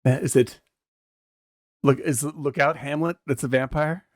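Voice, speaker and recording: A man's voice: on the high side, steady tone, moderate pace, dry recording, clean studio sound. A man co-hosting a casual movie podcast, rambling, laughing often and swearing freely. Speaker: podcast co-host.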